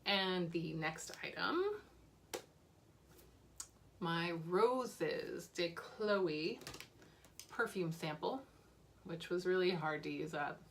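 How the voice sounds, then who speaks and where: A woman's voice: on the low side, extremely slow, long pauses, a bit bright, a little hiss or hum. A woman beauty vlogger talking casually and candidly about makeup she is using up, with fillers and small laughs. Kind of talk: casual chat.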